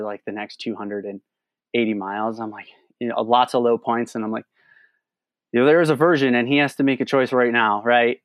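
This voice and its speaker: A man's voice: medium pitch, no room sound, muffled recording. A man, a podcast guest, telling a long trail story in a casual, rambling way, full of "like" and restarts. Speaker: guest, long-distance hiker.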